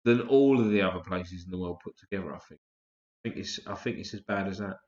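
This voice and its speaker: A man's voice: deep voice, fairly quick, a little mellow. A man hosting a casual live stream, chatting loosely and swearing freely while tired and yawning. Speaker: livestream host. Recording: roomy, dull lo-fi stream audio.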